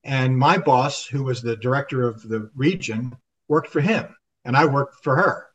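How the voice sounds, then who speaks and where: A man's voice: mid-range voice, measured pace, a bit bright, recorded from a distance, dull audio. An older man, a retired army officer guest on a podcast, telling a story in conversation and acting out the dialogue with frequent restarts.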